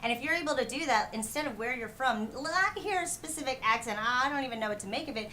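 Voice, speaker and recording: Bright-voiced New Jersey woman. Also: high-pitched, fast, a little hiss or hum. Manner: candid, blunt, animated. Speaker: dating coach guest. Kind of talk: casual advice chat.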